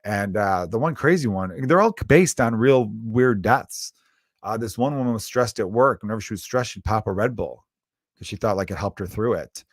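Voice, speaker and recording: A stand-up comedian who lives in Chicago hosts his own comedy podcast, riffing through a solo rant that's profane and exasperated. His voice is lowish and expressive at a moderate pace, captured in clean studio sound with no room sound.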